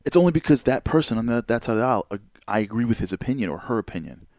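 A man hosting a talk show, giving an animated monologue full of rhetorical questions and repeated words. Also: mid-range voice, racing, no room sound, studio quality. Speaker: host.

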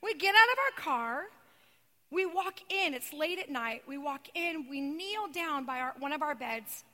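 A woman preaching a sermon in a very high, bright voice. She tells her story with drama, rising to loud cries and falling to hushed, almost whispered passages. Her voice rings out with the long reverb of a large hall. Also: animated, measured pace.

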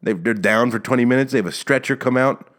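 A man's voice: mid-range voice, fast, fairly bright tone. A man hosting a solo podcast, rambling and self-mocking in a jokey tone. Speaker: podcast host.

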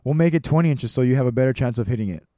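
A man's voice: mid-range voice, lively intonation, racing, warm tone, dry recording, clean studio sound, natural voice. A man voicing an irascible 78-year-old baseball coach who barks questions at a crowd of coaches. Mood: gruff lecturing. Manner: barking, bellowing questions at a crowd.

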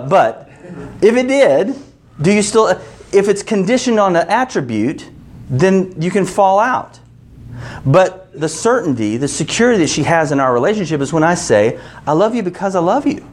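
A man's voice: fairly high pitch, darkish tone. Joking conversational male preacher. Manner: conversational and joking, lists numbered points. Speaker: pastor. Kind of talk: sermon teaching with scripture readings.

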